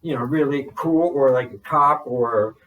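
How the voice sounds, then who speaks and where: A man's voice: medium pitch, measured pace, a bit bright, recorded from a distance, rough recording. Rambling, swearing man set back from the mic. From New Jersey. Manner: swears often, loose and rambling with fillers. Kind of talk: casual spoken account.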